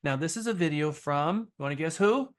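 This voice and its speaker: A man's voice: on the high side, animated, a little fast. A man leading a live sales training class in a casual way, with many ums and uhs.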